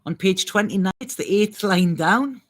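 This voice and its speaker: A woman works through an improvised astrology and intuitive reading. Her talk is halting and meandering, with phrases started over as she goes. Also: medium pitch, animated. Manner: halting, rambling, restarts phrases.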